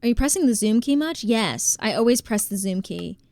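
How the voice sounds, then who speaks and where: A woman from New Jersey, live streaming and chatting casually while she plays, reading out and thanking her chat, quick to exclaim. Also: on the high side, lively intonation, darkish tone, no room sound.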